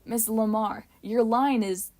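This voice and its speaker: A woman's voice: fairly high pitch, steady tone, slow pace. A woman doing a cheeky bossy boy director. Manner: imperious, theatrical yelling. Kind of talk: audiobook character voice.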